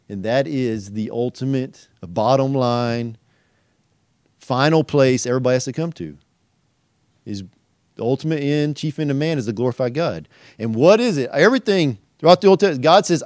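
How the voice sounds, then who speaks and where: Animated man preaching verse by verse. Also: mid-range voice, moderate pace, no echo, studio quality. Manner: animated, rhetorical questions, acts out quoted voices. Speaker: pastor and teacher. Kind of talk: verse-by-verse sermon.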